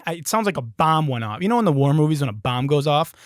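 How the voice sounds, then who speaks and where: A man's voice: fairly high pitch, animated, quick pace, background noise. A man from Detroit hosting a podcast, telling a story in a profane, emphatic way. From Detroit, United States. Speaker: podcast host. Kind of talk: comedic storytelling.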